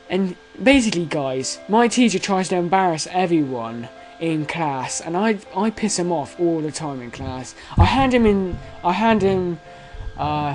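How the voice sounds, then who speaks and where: A young man in his late teens telling a story to camera in a rambling, excitable way, full of fillers, restarts and swearing. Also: on the high side, rough recording. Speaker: vlogger.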